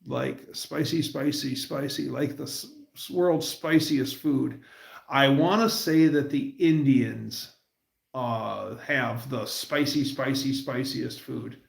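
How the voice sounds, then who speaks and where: A man with a gravelly, fry-laden voice rambles through casual stories on a livestream. He talks loosely with restarts and drifting tangents, recorded in a roomy space with noticeable echo. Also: mid-range voice. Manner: rambling, storytelling, puts on quick voices for quotes. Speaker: livestream host.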